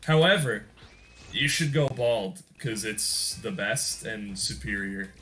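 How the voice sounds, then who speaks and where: A man's voice: lowish voice, expressive, slow pace, sharp tone. A young man hosting a gaming channel, giving casual gameplay commentary in a rambling, joking way and often laughing mid-sentence.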